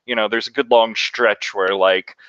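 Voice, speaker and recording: Low-voiced, hesitant player narrating. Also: male voice, steady tone, moderate pace, fairly bright tone, smooth, dry recording, highs cut off. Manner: hesitant, lots of fillers. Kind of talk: narrating a scene in a tabletop game.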